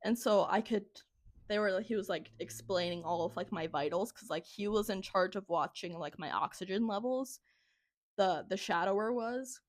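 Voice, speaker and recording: A woman's voice: medium pitch, moderate pace, dry recording, clean studio sound. A young woman telling a story as podcast co-host in casual chat, rambling with lots of "like" and frequent laughs. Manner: rambling, heavy use of "like", laughs often.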